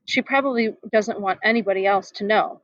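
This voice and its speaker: A woman's voice: medium pitch, brisk, fairly bright tone, no room sound, highs cut off, lightly acted. A woman voicing a troubled young schoolboy, hesitant and plaintive, in a read-aloud storybook.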